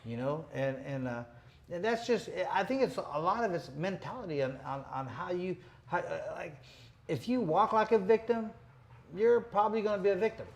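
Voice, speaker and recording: A man in his late fifties hosts a boxing chat show and tells stories from the ring in a loose, rambling way, dropping "you know" into nearly every line. His voice sits a bit higher than most men's, and his talk comes across as streetwise and tough. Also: normal speed. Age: 50s. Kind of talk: casual storytelling chat.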